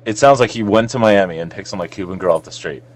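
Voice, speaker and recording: A man's voice: lowish voice, fast talker. A man from South Florida co-hosting a podcast, joking around and swearing freely in casual banter. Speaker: podcast co-host.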